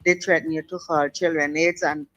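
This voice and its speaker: An older woman calling in to a radio talk show, giving forceful, preachy advice over the phone. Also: low-pitched, little pitch movement, normal speed, poor audio. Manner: forceful, preachy advice with local dialect grammar. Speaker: caller.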